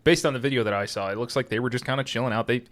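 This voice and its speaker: A man co-hosting a casual podcast, speaking at a plain middle pitch. He is easygoing and agreeable, backing his partner up with quick yeahs and reading off facts. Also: a bit bright. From South Dakota. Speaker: podcast co-host. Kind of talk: casual sports podcast banter.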